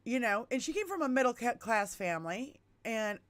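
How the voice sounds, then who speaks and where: Brief: woman in her fifties hosting a podcast, lively storyteller with a salty mouth, fairly high voice, dry close sound. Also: moderate pace, no room sound. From United States. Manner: animated storyteller, swears freely. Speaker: podcast host. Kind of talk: casual chat.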